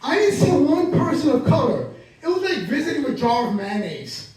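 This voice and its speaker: A man's voice: very high voice, sing-song, normal speed, a little mellow. A man performing stand-up comedy, telling a self-mocking story and acting out the scenes. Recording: echoey room, distant mic.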